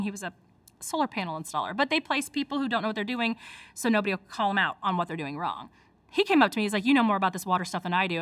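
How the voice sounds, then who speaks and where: A middle-aged woman with a Michigan accent, an activist telling her story in a casual interview, animated and full of fillers. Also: mid-range voice, no room sound. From United States. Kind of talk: casual spoken recollection.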